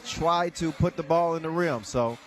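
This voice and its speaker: A man with a fairly high voice calls a dunk contest live, excitable and quick to joke between the plays. Faint music plays underneath his commentary.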